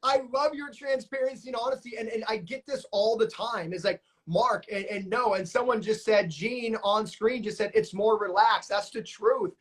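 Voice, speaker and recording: A man's voice: high voice, normal speed, few pauses. Hype-driven man coaching a live stream. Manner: energetic hype, slang, frequent fillers. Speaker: notary business coach and live-stream host. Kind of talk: live coaching stream, upbeat casual talk.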